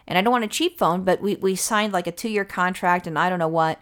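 Fast-talking woman ranting in casual chat. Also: fairly low pitch. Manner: fast, heated storytelling with frequent swearing. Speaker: podcast co-host.

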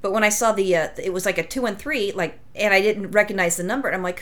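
A woman's voice: mid-range voice, quick pace, few pauses, fairly bright tone. A woman co-hosting a casual podcast chat, blunt and profane, telling stories with frequent restarts. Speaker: podcast co-host.

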